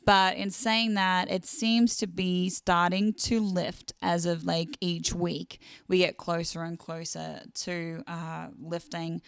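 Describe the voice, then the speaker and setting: A woman's voice: lowish voice, little pitch movement, slow pace, vocal fry, hardly any pauses, clean tone, dry recording. Woman chatting on her live stream. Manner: chatty and warm-hearted, reading out viewer comments. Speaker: singer-songwriter hosting a live stream. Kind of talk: casual live-stream chat.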